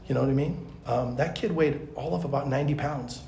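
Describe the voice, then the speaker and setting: Gravelly pastor in an echoey hall. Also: male voice, on the high side, fast talker, hardly any pauses, a little hiss or hum. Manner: conversational, animated storyteller with fillers. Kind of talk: conference teaching with storytelling. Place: large conference hall.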